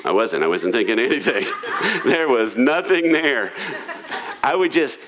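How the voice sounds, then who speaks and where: A man's voice: mid-range voice, big pitch swings, a little slow, noisy background. A man preaching a sermon in a humorous, conversational, self-deprecating way. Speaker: pastor. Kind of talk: sermon on marriage. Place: church auditorium.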